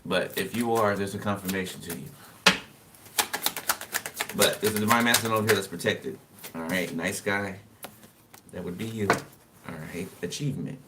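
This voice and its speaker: A lower-voiced man chats through a tarot reading in a loose, offhand way and laughs to himself between cards. He sits back from the microphone, and loud steady noise runs under his voice. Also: moderate pace, long pauses. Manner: loose and chatty, laughs to himself, talks to the viewer while pulling cards. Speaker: tarot reader. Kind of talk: casual tarot reading monologue. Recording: distant mic with loud background noise.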